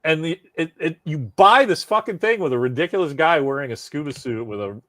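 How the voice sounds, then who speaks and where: A man's voice: fairly high pitch, a little fast, dry recording. Profane, ranting man on a podcast. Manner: animated, profane ranting with frequent laughs. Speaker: podcast co-host. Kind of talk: casual chat.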